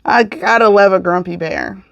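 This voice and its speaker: A woman's voice: medium pitch, moderate pace, gravelly, a bit bright, no room sound, muffled recording. A middle-aged woman hosting a crafting podcast, chatting casually in a rambling, self-correcting way as she shows off her yarn. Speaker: podcast host. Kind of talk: casual chat showing crafts.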